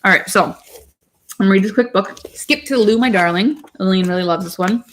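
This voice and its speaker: A woman's voice: mid-range voice, brisk, fairly bright tone, a little hiss or hum. A young woman, a mother, chatting casually to camera with parenting tips, rambling with side remarks.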